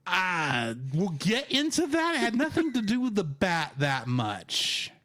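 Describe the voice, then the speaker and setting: A young man co-hosting a podcast in casual chat, animated and teasing, quick to correct his friend. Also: high voice. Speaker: podcast co-host.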